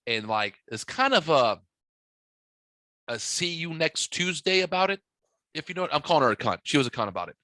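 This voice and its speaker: A man's voice: on the high side, sing-song, brisk, long pauses, bright, forceful tone, no echo. A man hosting a podcast, telling a long story in casual chat, swearing freely and acting out the dialogue. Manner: profane, rambling, acts out dialogue in his stories. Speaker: podcast host.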